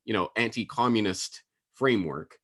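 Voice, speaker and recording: Man in thirties, very low voice, articulate, measured, guest on talk show. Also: a bit bright. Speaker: guest commentator. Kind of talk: casual political interview.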